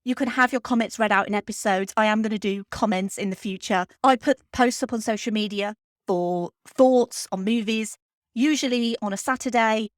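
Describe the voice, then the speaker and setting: A woman hosting a film podcast, talking in an earnest, heartfelt way with pauses while close to tears. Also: medium pitch, no room sound. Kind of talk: heartfelt spoken podcast tribute.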